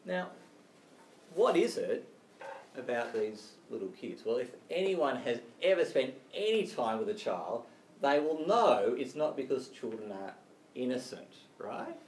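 A man's voice: mid-range voice, very animated, unhurried, slight background noise. A man preaching a sermon in a conversational way, often checking in with "right?" and "you know". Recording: roomy, distant mic with faint ambience.

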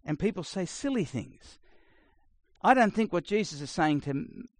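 A middle-aged man preaching a sermon, blunt and conversational, swinging between loud emphasis and quiet asides. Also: high-pitched, sing-song, moderate pace, dry recording. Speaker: pastor.

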